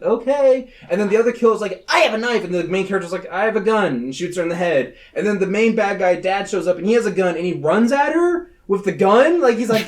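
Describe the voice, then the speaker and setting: Excitable high-voiced man retelling a movie. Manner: animated, swears freely, acts out characters in high voices. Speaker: podcast co-host. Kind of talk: casual podcast chat, retelling a movie plot.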